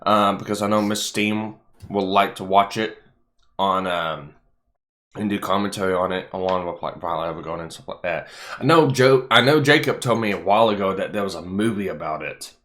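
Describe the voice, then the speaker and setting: A man hosting a casual livestream chat, excitable and swearing freely, laughing often. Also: deep voice, fairly quick. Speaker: stream host.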